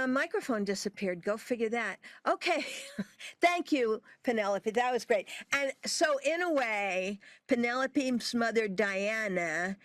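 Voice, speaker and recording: A woman hosts an online memorial over a video call. She is chatty and thinks aloud, with a slow, relaxed pace. The sound is dry and close. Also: mid-range voice, dry recording. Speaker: memorial host. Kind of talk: hosting an online gathering.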